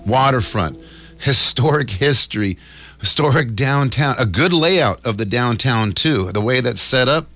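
A man's voice: medium pitch, expressive, unhurried, sharp tone. A middle-aged man hosting a casual talk show, riffing animatedly and cracking jokes. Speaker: show host. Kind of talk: casual chat.

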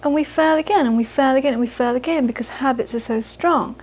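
A woman's voice: sits high, fast, a little mellow, breathy edge, poor audio. A woman giving a live Buddhist talk to an audience, earnest and repeating phrases for emphasis. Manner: earnest, repeats phrases for emphasis, laughs while telling stories. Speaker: Buddhist teacher.

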